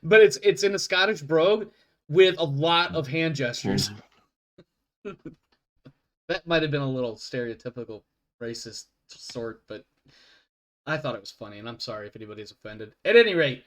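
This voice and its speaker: A man's voice: mid-range voice, animated, moderate pace, long pauses. A man running a tabletop game as game master, rambling and often stopping to apologize. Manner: rambling, self-interrupting, apologetic.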